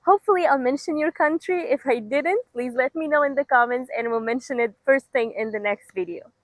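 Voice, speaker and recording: A fairly high-voiced young woman from Egypt teaches an absolute-beginner language class out of doors. She speaks slowly and clearly, repeats each word for the learner and praises them often. Her voice sounds close and dry, with almost no room sound. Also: dry recording, rough recording. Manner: slow, clear, encouraging drill delivery. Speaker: Arabic teacher. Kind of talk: language lesson with repetition drills. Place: outdoors.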